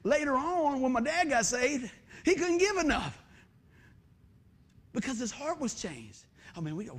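A man preaching a sermon as pastor, energetic, with loud bursts and quiet asides. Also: very high-pitched, moderate pace.

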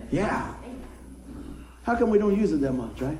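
A male preacher delivers his sermon in a folksy, conversational manner, tossing rhetorical questions at his listeners. His voice sits a little high but sounds mellow and soft-edged. The room is echoey, with faint ambience behind him. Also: big pitch swings, moderate pace, long pauses, slight background noise.

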